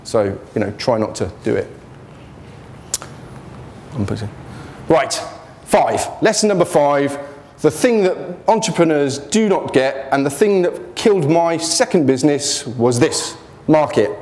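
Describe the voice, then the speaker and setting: A man's voice: fairly high pitch, lively intonation, measured pace, darkish tone. A man giving an informal motivational talk about his business failures, blunt and joking, speaking in a students' union hall.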